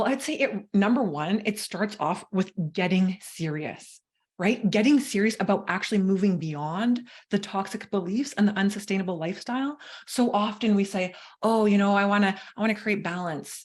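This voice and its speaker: A woman's voice: mid-range voice, normal speed, darkish tone. Emphatic woman guest coach. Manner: emphatic, tags lines with "right?". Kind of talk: interview.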